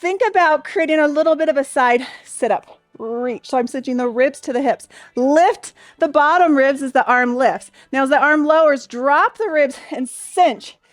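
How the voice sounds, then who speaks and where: A woman's voice: sits high, normal speed, hardly any pauses, no echo, faint music behind. A young adult woman leading a Pilates class, cheering and counting reps, a bit out of breath. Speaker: Pilates instructor. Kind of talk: workout class instruction.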